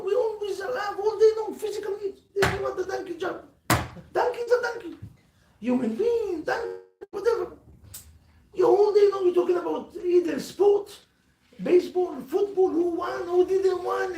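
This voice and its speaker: High-voiced man preaching animatedly. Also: normal speed, slight background noise. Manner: animated, preachy, repetitive, calls out to listeners. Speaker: religious speaker. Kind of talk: livestreamed sermon. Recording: echoey room, mic at a distance.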